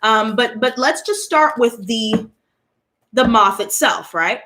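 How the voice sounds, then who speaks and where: A woman tarot reader chatting casually to her viewers, telling an animated story and addressing them directly. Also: fairly high pitch, slow.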